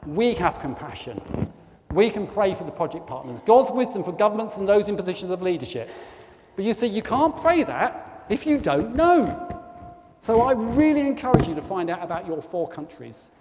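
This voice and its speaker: A man with a South East English accent, speaking a little higher than most men, talks informally to a congregation. He is chatty and keeps throwing questions back at the listeners. His voice rings with the long reverb of a church, over a faint hiss. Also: big pitch swings, normal speed. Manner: chatty, keeps asking the audience tag questions. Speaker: guest speaker for a charity.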